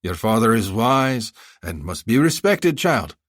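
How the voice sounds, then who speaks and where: A man voicing a fawning, talkative male bazaar vendor who flatters and haggles. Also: fairly low pitch, a little slow, dry recording, studio quality. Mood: wheedling.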